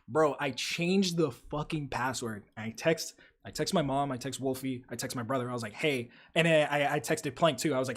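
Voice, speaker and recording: A young man hosts a live stream, chatting casually, swearing freely and telling animated stories while reading chat aloud. His voice is medium in pitch, at a moderate pace with few pauses.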